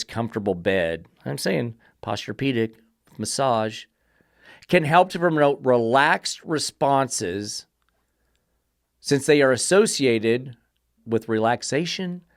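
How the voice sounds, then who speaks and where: A man's voice: medium pitch, dry recording, clean studio sound. A man hosting a dog-training podcast, reading an article aloud and picking it apart with exasperated, profane sarcasm. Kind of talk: podcast rant reviewing an article.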